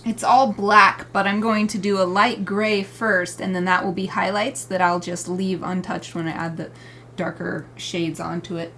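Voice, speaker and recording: Speaking in a mid-range, level voice at a moderate pace, a woman artist walks live-stream viewers through each coloring step of her drawing. There's a little hiss or hum in the audio. She chats casually and upbeat, greets people warmly, and laughs a lot.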